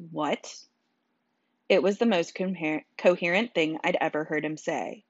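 Audiobook narrator: low woman, wry delivery, dull dry studio sound. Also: measured pace, dry recording. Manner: wry, dry first-person telling. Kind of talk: storybook narration.

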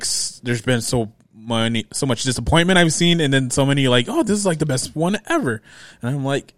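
A man co-hosting a relaxed podcast about a film. He talks loosely, laughing and restarting his sentences as he goes. He is heard close on the mic with a dry sound. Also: medium pitch, no echo. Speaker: podcast co-host. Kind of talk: casual movie review chat.

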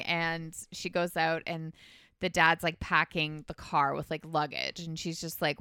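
Smooth low-voiced woman recapping a movie. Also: fairly even intonation, moderate pace, fairly bright tone, dry recording, clean studio sound. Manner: rambling plot retelling full of "like" and "um". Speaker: podcast host. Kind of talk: casual movie recap chat.

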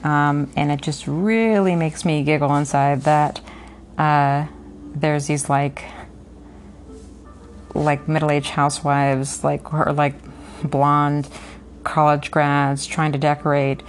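A woman's voice: low voice, fairly even intonation, slow, a little hiss or hum. A woman reading a novel aloud and breaking off for chatty, filler-heavy commentary, recorded on an app. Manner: chatty asides with frequent fillers. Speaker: podcast reader and commentator.

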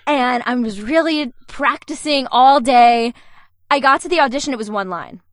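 A woman's voice: sits high, normal speed, no room sound, clean studio sound. A young woman in her twenties, a voice actor telling stories in a casual interview, chatty and often laughing. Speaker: voice actor guest.

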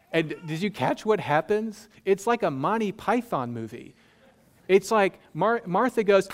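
A man's voice: high voice, sing-song, normal speed. A man preaching a sermon in a conversational, humorous way, asking his listeners rhetorical questions. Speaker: pastor.

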